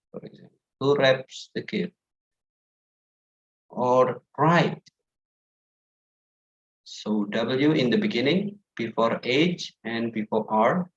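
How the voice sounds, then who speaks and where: Indonesian guy teaching pronunciation online, slow and careful, kinda muffled lo-fi audio. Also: mid-range voice. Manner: repeats each word to contrast right and wrong saying.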